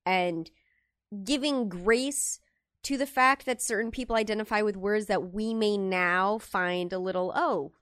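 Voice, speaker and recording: A woman's voice: mid-range voice, measured pace, fairly bright tone, clean tone, no room sound. Young woman on a call, earnest, kinda rambly, dry close sound. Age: young adult. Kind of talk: casual group discussion. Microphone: online call.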